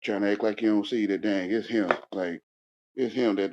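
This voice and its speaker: A man's voice: on the low side, fairly even intonation, normal speed, noisy background. Ranting man with dull lo-fi sound. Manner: repetitive, confrontational, swings from shouting to muttering. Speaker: panel speaker. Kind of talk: heated casual rant.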